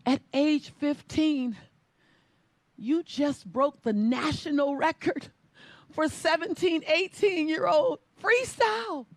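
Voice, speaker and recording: A woman putting on the voice of a female swim coach who calls out insistently to a teenage swimmer, pitched well above her own voice. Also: takes it slowly, no room sound. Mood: gentle. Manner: calling out, insistent. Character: urgent female swim coach shouting to a teen.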